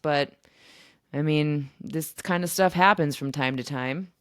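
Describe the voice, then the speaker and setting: Chatty woman host, low and dry. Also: a little slow, no echo. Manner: chatty and animated, with fillers and laughs. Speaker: podcast host. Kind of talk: casual storytelling monologue.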